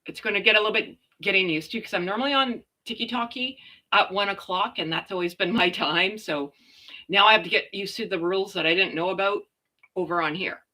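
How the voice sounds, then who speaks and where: A middle-aged woman from Canada hosting a casual livestream, loud and chatty with a slight stutter, reading out viewers' comments. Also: medium pitch, brisk. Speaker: livestream host.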